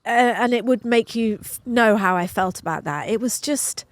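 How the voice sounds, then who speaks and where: A middle-aged woman chats on a podcast in an effusive, heartfelt way, her voice sitting fairly high. The sound is close and dry, with little room around it. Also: normal speed, no room sound. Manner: effusive, emotional storytelling. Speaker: podcast co-host. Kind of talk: casual podcast chat. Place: outdoors at home.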